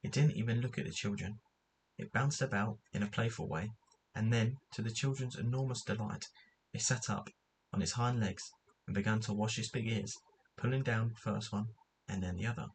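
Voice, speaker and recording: A man's voice: lowish voice, normal speed, slight background noise, poor audio. A man reading a children's book aloud, stumbling now and then and correcting himself as he goes. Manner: unrehearsed reading with slips and self-corrections. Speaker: narrator.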